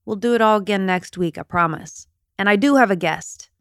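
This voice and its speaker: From bed at home, a woman hosts her own casual solo podcast, talking in an emotional, chatty, confiding way. Her voice is medium in pitch, fairly bright and smooth, and she speaks a little fast.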